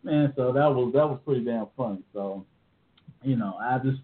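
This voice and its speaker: A man in his thirties co-hosting a podcast, telling stories in animated, slangy casual chat. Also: mid-range voice, normal speed. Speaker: podcast co-host. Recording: tinny phone-like audio.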